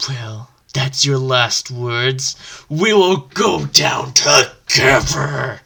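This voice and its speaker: A woman reading aloud from her own old story, voicing angry villains and monster guards with loud shouted lines and a raspy voice. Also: a bass voice, drawn-out words, full character voice. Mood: defiant.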